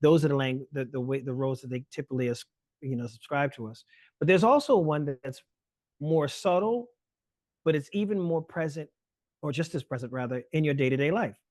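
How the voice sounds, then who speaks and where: Man, lecturer on a webinar call, brisk, filler-heavy delivery, slightly high voice, dry sound. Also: darkish tone, no echo. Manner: fast, fluent explaining with frequent fillers. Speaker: guest lecturer.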